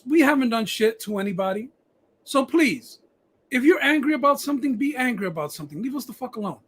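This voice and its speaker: Male podcast host, high husky voice, profane and rambling, stammers a lot. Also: fairly bright tone. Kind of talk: casual live-stream chat.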